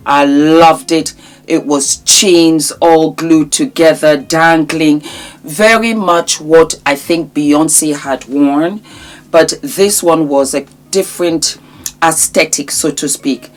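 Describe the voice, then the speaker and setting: A middle-aged woman talks straight to her followers in a chatty fashion vlog, her voice sitting a little low for a woman. She is theatrical and sassy, calling everyone darling and baby. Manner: theatrical, drawn-out endearments, sassy. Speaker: fashion vlogger.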